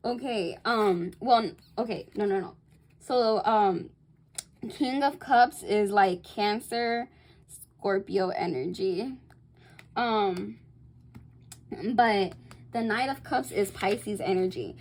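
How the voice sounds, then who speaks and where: A woman giving a casual tarot reading to camera. She chats loosely, swears freely, reads card meanings aloud and bursts into excited squeals. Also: mid-range voice, takes it slowly, poor audio. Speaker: tarot reader.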